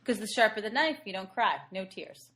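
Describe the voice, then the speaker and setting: Lively, animated woman podcaster. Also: mid-range voice. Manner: lively, chatty, quick to laugh. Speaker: podcast co-host. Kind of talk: casual movie-review chat.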